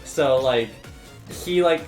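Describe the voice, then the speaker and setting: A man's voice: a little high, takes it slowly, darkish tone. Young male streamer, loose storyteller, swears, roomy echo with game music under him. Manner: rambling storyteller, swears, laughs often. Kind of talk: casual chat while gaming. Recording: echoey room with game music.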